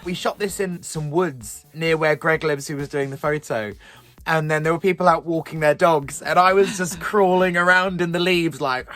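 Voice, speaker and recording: Wry guest on a video call. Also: male voice, a little high, normal speed, no echo. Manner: lively storytelling, wry. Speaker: guest drag performer. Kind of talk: casual chat about own looks.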